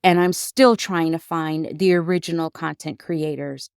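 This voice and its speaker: Slow, reflective woman podcast host. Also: low-pitched, fairly even intonation, vocal fry, a little mellow, smooth, no room sound, studio quality. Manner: reflective and unhurried, with emotional emphasis. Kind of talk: confessional personal storytelling.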